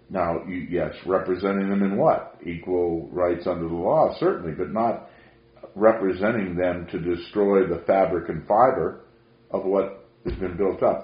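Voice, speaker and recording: A man preaching a sermon, telling stories emphatically and rising to loud peaks. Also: low-pitched. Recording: roomy, dull lo-fi sound.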